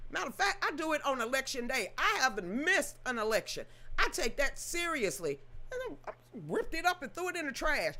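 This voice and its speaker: A woman's voice: high voice, big pitch swings, fairly quick, pushed and bright. A woman reading news aloud, then ranting about it in an emphatic, sassy, scolding way. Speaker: political commentary host.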